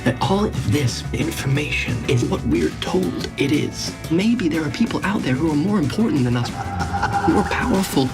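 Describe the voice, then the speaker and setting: A woman's voice: low-pitched, lively intonation, normal speed. A woman in a film clip, musing and asking questions. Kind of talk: film dialogue. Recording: film clip over loud music.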